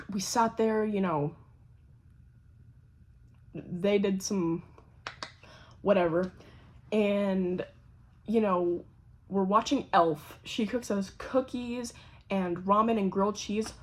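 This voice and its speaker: A woman's voice: mid-range voice, slow, pauses often. Young woman swearing through a storytime. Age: young adult. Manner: swears constantly, lively animated storytelling. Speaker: vlogger. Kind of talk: casual storytime.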